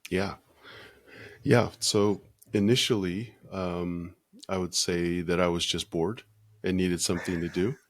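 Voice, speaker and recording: Deep-voiced older man, slow and thoughtful. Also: fairly even intonation, no room sound, studio quality. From United States. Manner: slow, thoughtful, with many pauses and fillers. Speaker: podcast guest. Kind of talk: casual interview talk.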